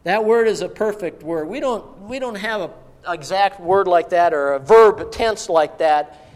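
A middle-aged man preaching a sermon, emphatic at times and dropping to a hushed voice at others. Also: high voice, expressive, unhurried, big-room sound. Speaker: pastor.

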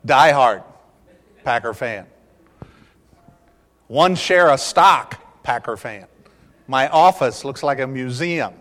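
A man's voice: medium pitch, lively intonation, takes it slowly, pauses often, a bit bright. A middle-aged man preaching a sermon as pastor, telling stories with humor in a church. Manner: humorous storytelling. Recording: echoey hall reverb.

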